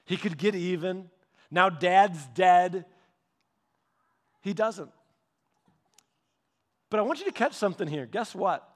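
A man preaching a sermon, retelling scripture in a conversational, animated way, acting out quotes and dropping soft and slow when he reads verses. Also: high-pitched. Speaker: pastor.

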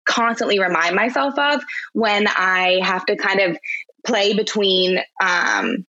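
A woman's voice: mid-range voice, lively intonation, takes it slowly, sharp tone, muffled recording. A woman blogger talking as a podcast guest, chatty, with lots of fillers and restarts. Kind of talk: casual interview chat.

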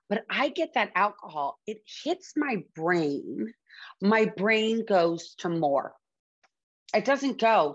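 A woman's voice: medium pitch, expressive, slow, slightly rough, lo-fi sound. A woman hosting a podcast, talking candidly and earnestly about her own recovery, often circling back and restarting her sentences. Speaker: podcast host. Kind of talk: candid personal talk on addiction recovery.

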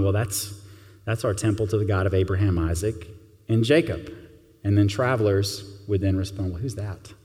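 A man preaching a sermon as pastor, earnest and gentle, with measured pauses. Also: fairly low pitch, big-room sound.

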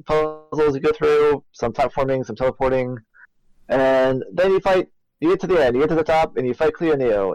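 A man's voice: mid-range voice, darkish tone, no room sound, highs cut off. Dry-miked man rambling through a recap. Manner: rambling, filler-heavy plot summary. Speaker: podcast co-host. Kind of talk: casual game recap chat.

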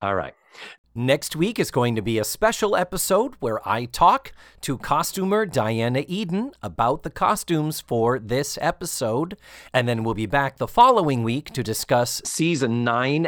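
A man hosting a podcast in casual chat, animated and swearing freely as he acts out quotes. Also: medium pitch, dry recording, clean studio sound. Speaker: podcast host.

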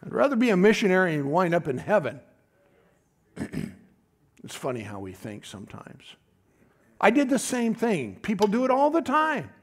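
A man's voice: high-pitched, wildly swooping pitch, normal speed. A middle-aged man preaching a folksy, conversational sermon, often calling out to his congregation.

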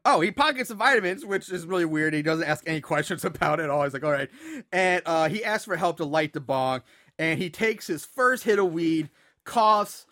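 A man with a high, bright voice casually walks through a movie's plot on a podcast. He stumbles over his words, laughs often and talks loosely. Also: a little fast. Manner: relaxed, laughing, retelling plot with filler words. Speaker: podcast host.

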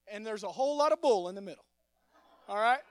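A young man, his voice sitting unusually high. He stumbles and repeats words as he jokes with the congregation. The stage microphone sounds dry and close. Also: lively intonation, quick pace, clean tone, dry recording. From Texas. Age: 20s. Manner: stammering, repeats words, friendly and joking. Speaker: youth pastor. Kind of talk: sermon with casual storytelling. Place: church.

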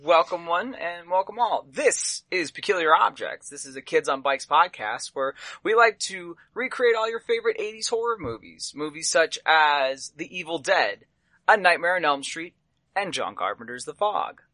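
A man's voice: on the high side, lively intonation, normal speed, bright, forceful tone, no echo. A man hosting a tabletop horror game podcast as game master, talking playfully with goofy asides.

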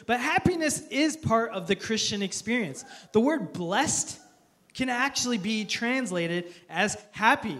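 A man's voice: very high voice, lively intonation, unhurried, sharp tone. A man preaching a sermon as pastor, earnest and repetitive, often restarting his phrases with small stammers.

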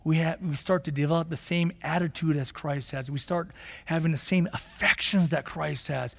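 A male pastor delivering an impassioned sermon, swinging from forceful, emphatic passages to low, slow, quiet stretches. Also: fairly even intonation, creaky. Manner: impassioned preaching, rising to shouts then dropping low and slow. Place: church sanctuary. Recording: long hall reverb of a sanctuary.

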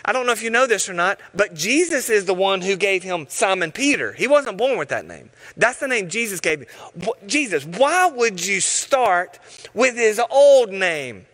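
Male pastor, sermon delivery, bright voice, animated storyteller who drops to quiet intensity. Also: sits high, moderate pace. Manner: animated storytelling, acting out voices, dropping to hushed tones.

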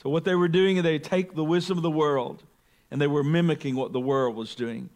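A male pastor teaching through a Bible passage, reading scripture aloud with rising emphasis and slowing on key words. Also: fairly high pitch, fairly even intonation, darkish tone. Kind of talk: expository sermon.

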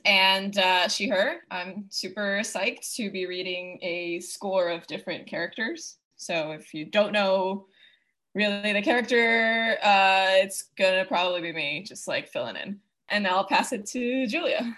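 A woman actor introducing herself, upbeat and a little halting. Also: medium pitch, bright, forceful tone. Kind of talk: casual introduction.

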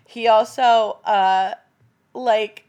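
A woman's voice: on the high side, drawn-out words, dull audio. A woman co-hosting a podcast in casual chat, recapping a film with lots of "like" and acted-out quotes. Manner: animated, heavy use of "like", acts out quotes. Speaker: podcast co-host.

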